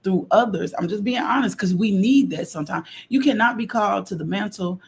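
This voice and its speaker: A middle-aged woman preaching a fervent morning devotional on a livestream, repeating phrases and breaking into loud exclamations. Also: mid-range voice, fairly quick, creaky. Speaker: host of a morning devotional stream. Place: home livestream.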